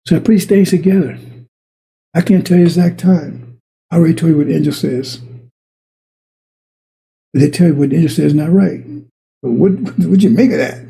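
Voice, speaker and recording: Gravelly dark-voiced man preaching. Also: on the high side, low-quality recording. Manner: colloquial, repetitive preaching with acted-out dialogue. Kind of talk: sermon.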